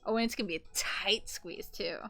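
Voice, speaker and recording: A woman's voice: mid-range voice, a little fast, sharp tone. Blunt, foul-mouthed woman streamer. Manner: blunt, profane, gossipy storytelling. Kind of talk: casual chat while sewing a plushie.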